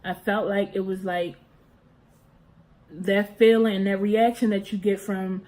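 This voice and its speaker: A young woman vlogger telling a casual, animated storytime about growing up. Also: medium pitch, measured pace, poor audio. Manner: animated, expressive, talks with her hands.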